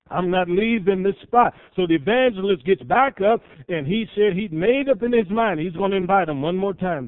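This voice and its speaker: A man preaching a sermon, telling a story that builds to loud, fervent peaks with drawn-out emphatic phrases. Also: sits high, no room sound. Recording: tinny phone-like sound.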